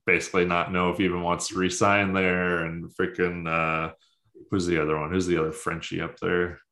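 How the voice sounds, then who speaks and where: A man's voice: deep voice, little pitch movement, fairly quick, pushed and bright. A man co-hosting a casual sports chat, rambling with lots of fillers and offhand jokes. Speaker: podcast co-host.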